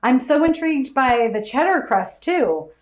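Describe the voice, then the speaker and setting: A woman hosting a live trivia stream, chatty and quick to laugh as she reads out viewers' answers. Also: high voice, expressive, echoey room. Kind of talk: casual live-stream chat.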